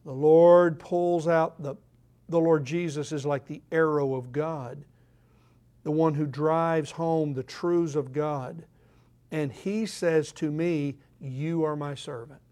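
An older man preaching a sermon, asking the congregation questions and swinging between loud declarations and quiet asides. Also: on the high side, steady tone, slow pace.

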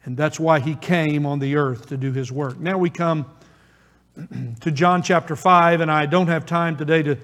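A man preaching a sermon as pastor, earnest and emphatic, with pauses for weight. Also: fairly high pitch, fairly bright tone. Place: church. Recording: long reverb of a church hall.

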